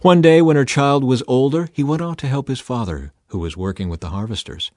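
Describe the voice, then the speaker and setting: A man narrating a scripture story in a measured, deliberate reading style. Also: medium pitch, a little mellow, dry recording, studio quality.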